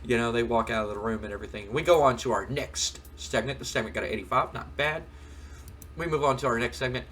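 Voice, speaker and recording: A man's voice: medium pitch, fast talker, a bit bright, a little hiss or hum. A man casually narrating a wrestling management game, rambling with lots of fillers. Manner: rambling, filler-heavy recap. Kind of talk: casual let's-play narration.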